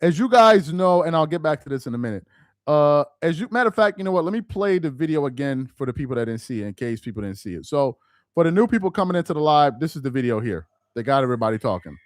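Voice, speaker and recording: A man's voice: fairly high pitch, expressive, fast, no room sound, clean studio sound. A man hosting a live stream, talking in loose slangy commentary and repeating himself for emphasis.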